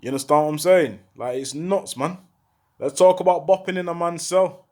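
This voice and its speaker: Urgent high-voiced talker. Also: male voice, fairly even intonation, normal speed, a little mellow. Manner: urgent, repeats rhetorical questions, heavy street slang. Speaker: former prisoner speaking out. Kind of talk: impassioned monologue to camera.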